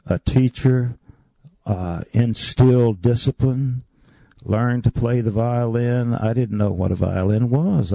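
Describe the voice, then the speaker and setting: An older man looks back on his childhood, his voice low in tone and gravelly with fry. He speaks dry and close, as an interview guest spinning stories. He slips into the voices of the people he remembers. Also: dark tone, dry recording. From North Carolina. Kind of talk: storytelling interview.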